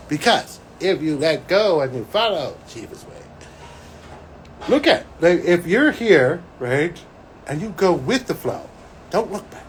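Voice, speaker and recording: A man, a psychic, talking to camera as he recounts a vision, animated and breaking into excited exclamations. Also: fairly high pitch, unhurried, slight background noise, poor audio. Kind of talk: solo talk recounting a vision.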